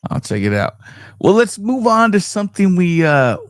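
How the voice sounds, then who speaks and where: A man's voice: high voice, big pitch swings, normal speed, no echo, clean studio sound. A man co-hosting a casual comics chat, rambling with lots of fillers and frequent laughs. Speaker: podcast co-host.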